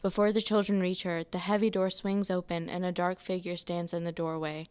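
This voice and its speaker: Woman, lowish smooth voice, slow steady reading, ghost story. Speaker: student reader.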